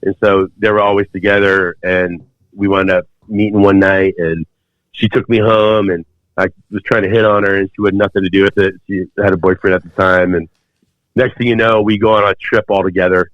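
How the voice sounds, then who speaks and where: A man's voice: low-pitched, little pitch movement, a little fast, dry recording. A man in his fifties, a podcast guest, telling a story at length with many fillers and restarts. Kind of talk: storytelling in conversation. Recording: dull, dry podcast audio.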